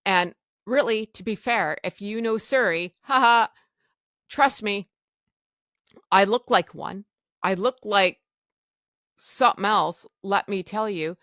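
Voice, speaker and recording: A woman's voice: medium pitch, slow, long pauses, fairly bright tone, no room sound, studio quality. A woman podcast host candidly telling a personal story in a blunt, self-mocking way.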